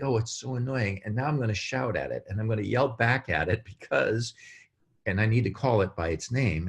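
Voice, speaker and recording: Podcast guest, male, low voice, lively explainer who acts out quotes. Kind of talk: casual podcast chat.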